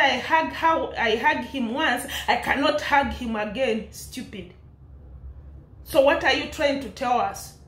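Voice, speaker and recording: In an extremely high, fairly bright voice, a young East African-accented woman vlogs about a public dispute. Her commentary is passionate, scolding, and preachy, punctuated by frequent laughter, and the room sounds reverberant.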